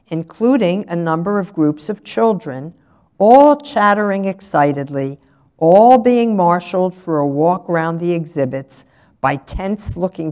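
An older woman reads a novel aloud at a slow, measured pace. Her voice sits fairly low. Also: darkish tone. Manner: measured, unhurried. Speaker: resident reader.

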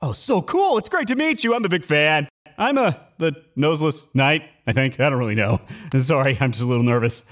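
A man's voice: a little high, expressive, fairly quick, a bit bright. A man voicing a sarcastic, nervous little male bug knight in a comedy fan-parody, bouncing between bravado and panic. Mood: wisecracking. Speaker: voice actor and channel host. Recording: music bed under the voice.

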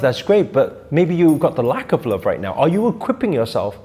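A man's voice: on the high side, sing-song, normal speed, warm tone. A man spiritual teacher giving an emphatic motivational talk, asking his audience questions and repeating key phrases.

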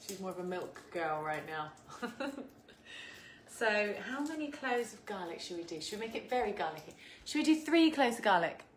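A cooking show host from England speaks in a mid-range, sing-song voice at moderate pace. Live-streaming from her home kitchen, she chats casually, laughs, and welcomes viewers by name. Faint background noise sits in the echoey kitchen.

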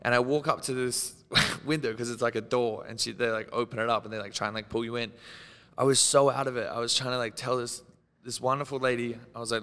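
Rambling Australian man with crisp bright voice. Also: medium pitch, a little fast, in a large hall. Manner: rambling storyteller, swearing and laughing, acting out quotes. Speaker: podcast guest. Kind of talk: casual chat.

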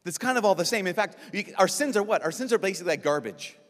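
Animated priest in a big echoing hall. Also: male voice, sits high. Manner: lively, joking, acts out quick voices. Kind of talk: youth conference talk. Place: large conference hall. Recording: long reverb of a large hall.

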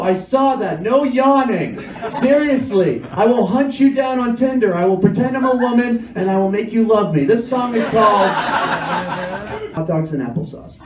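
A man with a strikingly high voice does a comedy song live, jittery and self-mocking between loud call-and-response chants. He sounds far from the mic in an echoey room, with music playing under him. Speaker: stand-up comedian. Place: comedy theatre stage with audience. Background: audience laughter and live music.

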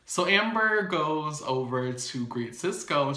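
A man's voice: a little high, sing-song, takes it slowly, hardly any pauses, pushed and bright, echoey room. A man recapping a TV episode in a casual, gossipy way, with playful asides to his viewers. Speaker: YouTube recap host.

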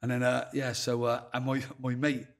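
A man's voice: mid-range voice, monotone, normal speed. A man with a Bristol accent, a podcast guest telling stories in casual, heavily sworn talk, acting out the dialogue. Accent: Bristol English. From England. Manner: swears heavily, acts out dialogue, laughs while telling stories. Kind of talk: casual storytelling.

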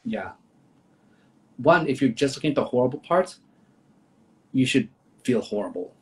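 Guy therapist talking slow and thoughtful on a live video call, gentle, stops and restarts. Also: medium pitch, animated, rough recording. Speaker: psychologist, trauma therapist. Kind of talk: reflective conversational explaining. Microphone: livestream video call.

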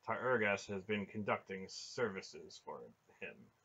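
A man's voice: lowish voice, animated, a little slow, a bit bright, slightly rough, full character voice. A man voicing a composed sorceress. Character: composed woman sorceress, a devoted daughter. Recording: dull lo-fi recording.

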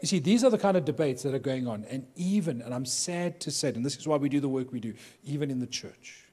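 A workshop speaker addressing pastors, this man from Durban, South Africa, entertains a live audience in a big hall with humorous anecdotes, mimicking the people he quotes. His mid-pitched voice is animated, fast, mellow and slightly rough, heard through a long hall reverb.

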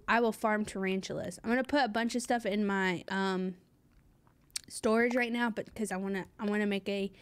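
A woman's voice: a little high, clear, resonant tone. Bubbly, rambling young woman streamer. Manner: rambling and chatty, trailing off with many fillers; bubbly, reads out and thanks viewers. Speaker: game streamer. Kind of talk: live gameplay stream chatter.

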